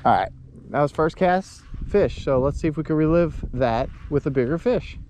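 A man's voice: moderate pace, a little mellow. A man giving joking, casual commentary while fishing from a small boat on shallow marsh water. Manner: joking, talks to fish in a silly high voice. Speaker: fishing vlogger. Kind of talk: casual outdoor vlog commentary. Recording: wind and water noise outdoors.

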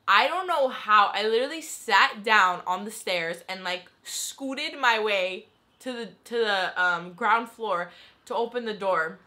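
A young adult woman telling a story in a casual, animated vlog style, saying "like" constantly. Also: medium pitch, a little slow. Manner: chatty and animated, heavy use of "like". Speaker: vlogger.

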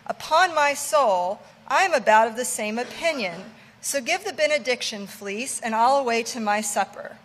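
A woman voicing a brash male ship's mate who teases and commands loudly. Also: on the high side, expressive, normal speed, long reverb tail, slight background noise. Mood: bossy teasing. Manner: loud, teasing, commanding.

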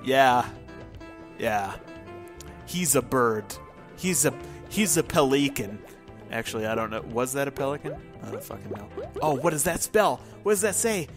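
A man giving casual, rambling commentary while playing a game, profane and excitable. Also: mid-range voice, normal speed, long pauses, music in the background. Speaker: let's play host.

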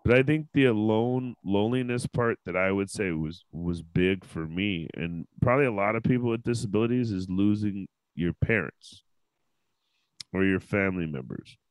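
A man's voice: lowish voice, normal speed, no echo, rough recording. A man hosting a casual panel podcast, talking candidly and emotionally with frequent swearing. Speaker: podcast host.

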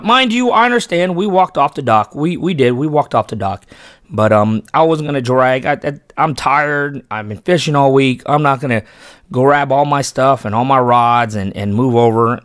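A man's voice: mid-range voice, expressive, moderate pace, clean tone, dry recording. Earnest man telling a fishing story, dry sound. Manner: rambling, frequent restarts and self-corrections; earnest, emphatic when praising his son. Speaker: fishing channel host and father. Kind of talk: casual storytelling vlog narration.

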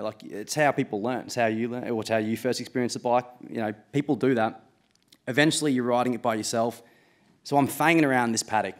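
A man in his late twenties with an Australian accent tells a true story live on stage. He's casual and self-mocking, with swearing and laughs, and his voice sits fairly low.

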